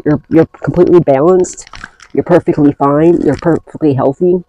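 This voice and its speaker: A woman's voice: low-pitched, normal speed, dark tone, dry recording, dull audio. A woman giving a casual tarot reading, blunt and profane, rambling through restarts as she talks to her viewers. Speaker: tarot reader.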